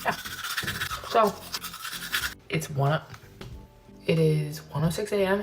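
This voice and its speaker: A woman's voice: fairly low pitch, animated, moderate pace, long pauses. A young woman recording herself late at night, candid and tired, talking casually with some swearing. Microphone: self-recorded on phone. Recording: distant mic over clear music.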